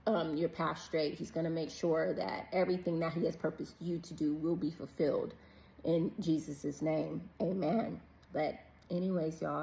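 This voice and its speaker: On vacation and about to eat breakfast, a woman vlogs an earnest, emotional faith testimony in casual, preacher-like talk. Her voice is low and darkish with vocal fry, and the recording quality is poor.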